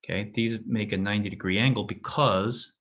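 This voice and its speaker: A man's voice: on the low side, steady tone, a little fast, fairly bright tone. A man teaching physics in a casual classroom lecture, often restarting sentences and checking in with his students. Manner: casual, self-interrupting, checks in with "right?".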